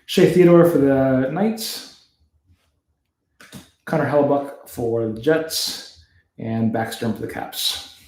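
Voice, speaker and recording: A Canadian man gives casual card-opening commentary, reading player names and laughing at the difficult ones. His medium-pitched voice has a darkish tone, and he takes it slowly with long pauses. The room is echoey.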